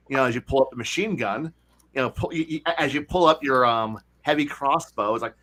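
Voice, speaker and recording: This podcast host has a medium-pitched voice with a sharp tone. He's animated in his casual chat about tabletop games, switching rapidly into voices for the players.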